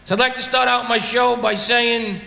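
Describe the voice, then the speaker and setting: A man's voice: very high-pitched, little pitch movement, moderate pace, vocal fry, very noisy. Brash New York stand-up man. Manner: brash, profane, self-mocking. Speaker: stand-up comedian. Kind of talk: stand-up comedy set. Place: brewery stage before a live crowd. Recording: echoey hall with audience laughter.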